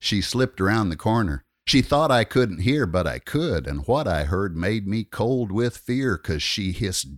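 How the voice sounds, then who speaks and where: Man, low voice, wry rhythmic storyteller reciting verse; lively, dry close sound. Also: a little slow, few pauses, no room sound. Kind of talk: reciting a rhyming narrative poem.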